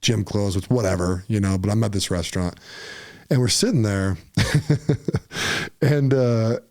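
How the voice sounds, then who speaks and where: A man from Utah, a podcast guest, telling a personal story in a casual, animated way, often saying "dude" and "right?". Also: fairly low pitch, measured pace.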